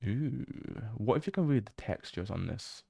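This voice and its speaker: A man's voice: lowish voice, big pitch swings, fairly quick, vocal fry, mellow, no room sound, studio quality. A man streaming a horror game, chatting casually as he explores, laughing often and swearing now and then. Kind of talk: casual livestream commentary while exploring a game.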